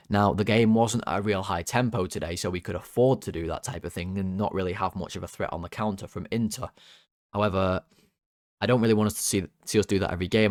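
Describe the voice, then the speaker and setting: A man's voice: lowish voice, no room sound, studio quality. A man hosting a fan channel, chatting casually through player ratings, joking and rambling off topic. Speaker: football fan channel host.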